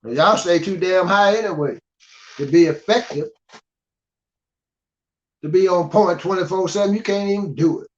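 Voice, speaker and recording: An older man with a high voice lectures in a gruff, scolding way and keeps checking that the listener follows. The recording sounds dull and lo-fi. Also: moderate pace, long pauses. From United States. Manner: gruff, scolding, repeats "you understand?". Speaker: guest speaker. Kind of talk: blunt preaching monologue. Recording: dull lo-fi audio.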